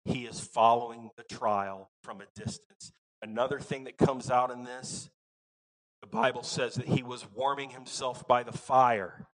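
A man with a Southern American accent preaching a sermon as pastor, folksy and emphatic, swinging between loud bursts and quiet asides. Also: medium pitch, fairly even intonation, unhurried, poor audio.

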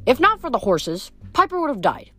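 A woman reading a novel aloud in an unhurried way, with small slips and restarts. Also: high-pitched, very animated, pushed and bright, soft background music. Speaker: reader.

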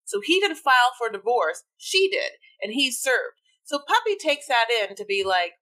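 A woman's voice: mid-range voice, fairly quick, fairly bright tone. Easygoing, rambling woman podcast co-host. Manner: rambling, lots of "like" fillers, easygoing. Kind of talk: casual chat recapping a reality show.

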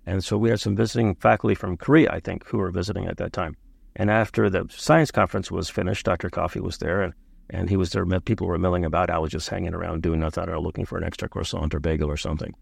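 Middle-aged guy on a podcast, deep gravelly husky voice, talks it through slow and thoughtful, dry sound. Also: steady tone, no echo. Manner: thoughtful, storytelling, measured. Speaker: urologist guest. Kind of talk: conversational interview.

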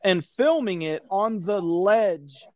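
A man tells a story in casual chat, his voice sitting a little high for a man. He is animated and profane, and he acts out the people he quotes. The sound is dry and close. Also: slow pace, no echo. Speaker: podcast co-host telling a story.

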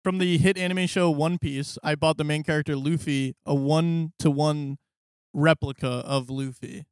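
A man's voice: a little high, steady tone, moderate pace, clean tone, no echo, clean studio sound. A young man co-hosting a podcast in casual chat, with a teasing, joking manner. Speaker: podcast co-host. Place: studio.

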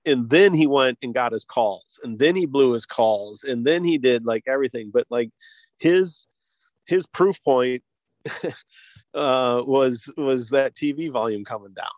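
Male guest, American, casual storyteller, mid-pitched, lots of restarts and light laughs, dry close sound. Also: a little mellow, no room sound. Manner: halting, many restarts and chuckles. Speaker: guest, hearing device company co-founder.

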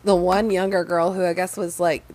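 A young woman telling a story in casual chat, lively and swearing freely. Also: on the low side, moderate pace, slight background noise. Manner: animated, swears freely, acts out quotes. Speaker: podcast co-host.

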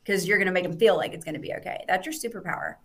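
A woman on a podcast, chatting casually and telling a story in animated bursts, quoting people in lively voices. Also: lowish voice, rapid-fire. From United States. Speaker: podcast guest.

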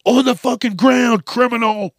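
A man voicing an enraged male police officer who shouts profanity. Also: very high voice, steady tone, normal speed, pitched above the performer's own voice. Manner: yelling, aggressive, profane.

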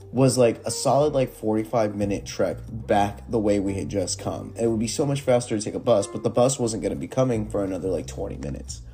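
A young man tells rambling stories off the cuff, with lots of fillers and cursing. His voice sits low and sounds dark and mellow. Soft music plays faintly behind him. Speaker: storyteller reading Reddit posts. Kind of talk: casual storytelling.

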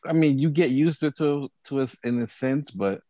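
A man co-hosting a podcast, chatting casually in a lively, teasing way that often stumbles over repeated words. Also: mid-range voice, normal speed, slight background noise. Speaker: podcast co-host. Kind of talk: casual chat.

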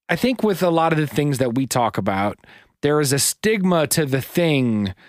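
A man's voice: fairly high pitch, sing-song, unhurried, no room sound, clean studio sound. A man co-hosting a podcast in casual chat, rambling with lots of fillers and retelling stories. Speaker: podcast co-host.

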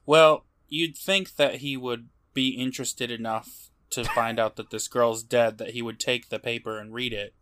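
A man's voice: medium pitch, steady tone, moderate pace, few pauses, a bit bright. A man co-hosting a podcast, chatting casually with wry, mocking jokes and frequent laughs. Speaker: podcast co-host. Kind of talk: casual chat.

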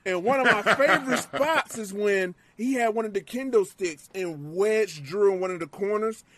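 A man in casual podcast chat, excitable and profane, acting out moments with yells. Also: high-pitched, moderate pace, crowd noise. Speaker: wrestling show co-host.

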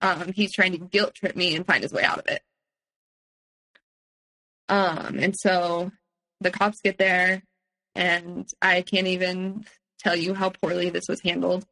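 A woman on a podcast recounting a personal experience candidly, in a steady conversational way with frequent "um" fillers. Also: on the low side, a little slow, vocal fry, pauses often, rough recording. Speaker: podcast guest.

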